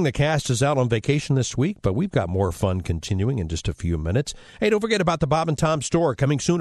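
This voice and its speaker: Man, radio announcer, upbeat promo read, mid pitch, dry studio sound. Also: a little mellow, dry recording. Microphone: studio microphone.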